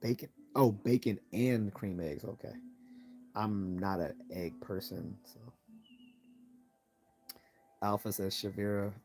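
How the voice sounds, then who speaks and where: Relaxed man with a low voice. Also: slow, pauses often. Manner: relaxed, laughs often, repeats words when starting. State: losing his voice. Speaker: live-stream host answering chat. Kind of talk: casual live-stream Q&A.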